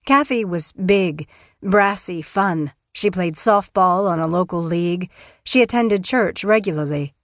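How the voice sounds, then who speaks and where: A woman narrating an audiobook in a measured, even way. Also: on the low side, dry recording. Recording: dull, dry studio recording.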